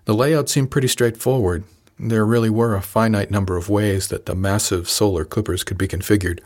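A man reading a first-person novel aloud in a measured, calm manner. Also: fairly low pitch. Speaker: audiobook narrator. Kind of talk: scripted first-person narration.

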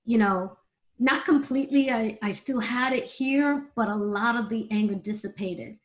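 A woman's voice: a little high, normal speed, poor audio. Heartfelt middle-aged woman telling her story. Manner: emotional, heartfelt, conversational. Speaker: guest, performer. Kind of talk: candid interview storytelling.

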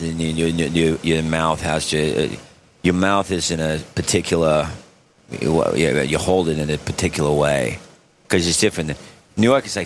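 Deep-voiced comedian, rambling. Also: male voice, steady tone, normal speed, a little hiss or hum. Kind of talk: casual chat.

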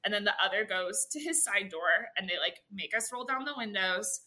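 Bright, chatty young woman telling a story. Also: medium pitch, moderate pace. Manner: animated, chatty, full of "like" fillers. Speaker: podcast guest. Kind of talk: casual storytelling.

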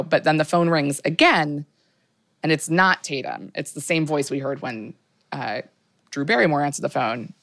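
Low-voiced chatty woman podcast host. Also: normal speed, a bit bright. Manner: chatty, filler-heavy, laughs often. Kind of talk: casual chat recapping a movie.

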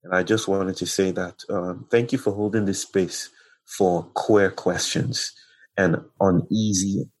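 A man speaking in a slow, searching, reflective way, telling an old story and musing on its meaning. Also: sits low, fairly even intonation. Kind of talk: reflective conversation.

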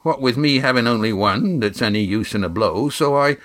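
A man reading a storybook, voicing a rough fisherman on a boat crew who talks in a hesitant way. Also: medium pitch, lively intonation, moderate pace, fairly bright tone, close to an everyday voice. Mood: explaining. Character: rough one-handed fisherman crew member.

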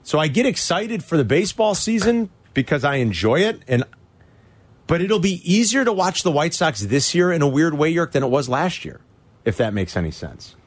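A man hosting a sports talk radio show, an animated fan who rants about his teams. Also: fairly high pitch, normal speed, dry recording.

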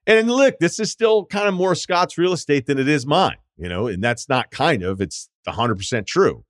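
A man's voice: sits low, big pitch swings, quick pace, hardly any pauses, no room sound, clean studio sound. A man hosting a podcast, telling a rambling, profane anecdote in a casual storytelling way. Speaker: podcast host.

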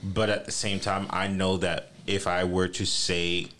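A man's voice: deep voice, unhurried, slight background noise. A man from the US East Coast telling joking stories in a casual podcast chat. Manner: joking storyteller, animated.

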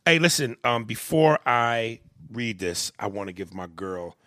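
A man's voice: medium pitch, measured pace, no echo, clean studio sound. A man hosting a comedy podcast, talking casually with profane jokes. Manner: profane, animated, joking. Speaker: podcast host.

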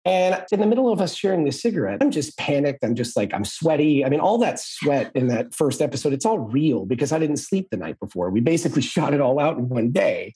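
A man, an actor being interviewed, telling a story in a casual, animated way. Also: medium pitch, breathy edge. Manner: animated storyteller, acts out quoted voices. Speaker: actor guest.

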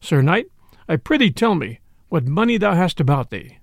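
A man's voice: on the high side, very animated, moderate pace, creaky, no room sound, studio quality, heavily acted. Robin Hood, a jolly outlaw, as a man reads him. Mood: merry. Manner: archaic, courtly old-fashioned speech. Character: jolly bold male outlaw leader, merry and shrewd.

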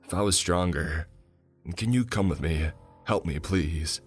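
A man acting out a confused older neighbor in a read-aloud horror story, a twitchy figure whose very low voice slips into eerie whispers. He pleads and then grows strangely manic. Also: a little slow, husky, soft background music. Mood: pleading. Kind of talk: scripted narration.

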